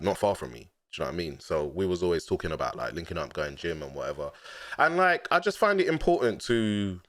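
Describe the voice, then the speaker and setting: A London man with a low voice explains his own rap bars in easy street slang. His pitch swings widely, from low drawls to excited jumps, and he laughs often. The sound is close and dry, with no room in it. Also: no echo. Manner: laid-back and slangy, laughing often, with sudden excited bursts. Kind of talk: casual reaction breakdown.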